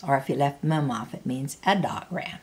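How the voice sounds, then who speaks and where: Her voice is extremely low-pitched, darkish and slightly rough, yet expressive, and she talks at a normal speed. She runs a slow spoken language lesson, patiently prompting the listener to repeat words and quizzing them on how to say phrases.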